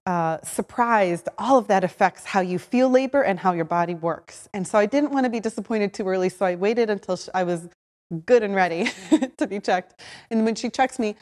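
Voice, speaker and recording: Animated woman telling a personal story. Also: medium pitch, normal speed, in a large hall. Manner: animated, acts out her own voice in quotes, frequent "like". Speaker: podcast host telling her birth story.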